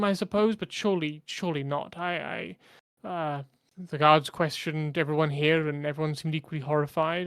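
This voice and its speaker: A man voicing a shaken middle-aged male innkeeper who speaks in heavy, halting phrases. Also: a little high, clear, resonant tone, no echo, clean studio sound, natural voice. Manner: heavy, halting, hesitant speech.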